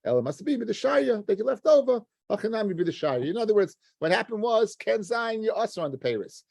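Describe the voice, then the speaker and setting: A man with a gravelly, dark voice teaches a daily Talmud lesson in a dry, close-sounding room. He works through the text step by step, stumbling and restarting words as he talks to his students. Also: high voice, big pitch swings, fast, dry recording. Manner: explains step by step, restarts words, addresses listeners as guys.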